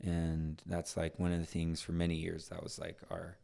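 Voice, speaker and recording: Middle-aged guy w a really low voice, chatty guest spinning stories, acts out the voices, lots of restarts. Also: moderate pace, creaky. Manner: animated, acts out voices in anecdotes; frequent restarts and trailing phrases. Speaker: podcast guest. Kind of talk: storytelling in conversation.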